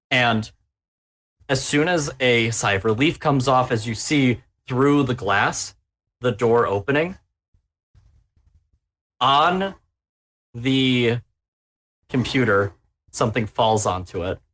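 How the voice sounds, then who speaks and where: This game master's voice sits at medium pitch and sounds slightly bright. Running a tabletop horror session, he narrates gleefully, clearly relishing the peril facing his players.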